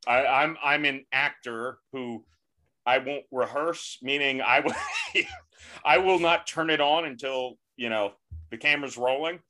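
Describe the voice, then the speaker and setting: A male comedian guest on a podcast, rambling in a self-deprecating way with halting restarts. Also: medium pitch, pushed and bright. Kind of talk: casual comedy podcast chat.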